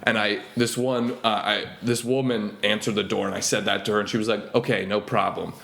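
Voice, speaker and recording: A man's voice: brisk, vocal fry. A young man, a comedian, telling stories in casual podcast chat and acting out the voices of the people he met. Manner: animated storyteller, acts out quoted voices in a higher pitch. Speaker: comedian guest. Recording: roomy echo.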